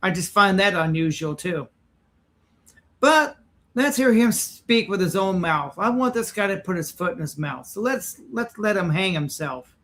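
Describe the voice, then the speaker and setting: A high-pitched man gives reaction commentary on a clip. He is indignant and sarcastic, with a preaching edge to how he talks. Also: animated, measured pace, a bit bright.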